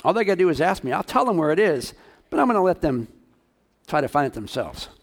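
A man's voice: a little high, very animated, fast talker. A male pastor preaching a sermon, talking casually and asking his congregation questions.

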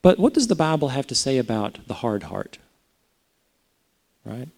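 Guy preaching, chatty, keeps asking the crowd questions, warm low-key tone. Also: very animated, normal speed, creaky. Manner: conversational, asks the congregation rhetorical questions. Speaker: pastor. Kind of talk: sermon.

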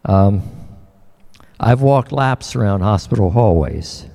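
An older man preaching a sermon as pastor, earnest and emotional, often pausing and restarting his words. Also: on the low side, animated, vocal fry, warm tone, big-room sound.

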